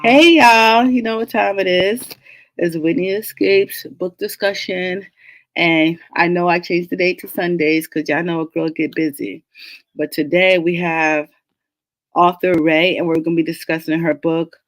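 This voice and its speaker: A woman's voice: on the low side, a little slow, dry recording. Woman host of a book chat, stuffy from a cold, chatty and giggly, dry close sound. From New England. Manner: chatty, laughs often, animated storytelling. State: congested from a cold. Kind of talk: casual chat.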